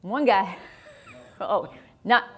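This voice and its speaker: A middle-aged woman giving a conversational conference talk on a stage microphone, chatty and quick to laugh. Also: medium pitch, husky. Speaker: conference speaker. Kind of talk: conference presentation.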